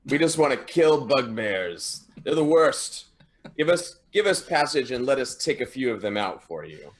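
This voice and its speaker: A man's voice: mid-range voice, sing-song, normal speed, lightly acted. A man voicing a boisterous, jovial dwarf adventurer with hearty bravado. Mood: boastful.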